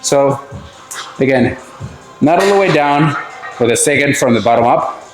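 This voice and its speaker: A middle-aged man leads a back workout, out of breath and cursing casually between his instructions. His voice sits at an ordinary pitch and echoes around the room. Faint music plays in the background. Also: lively intonation, moderate pace. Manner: swears casually, talks between sets. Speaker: fitness coach.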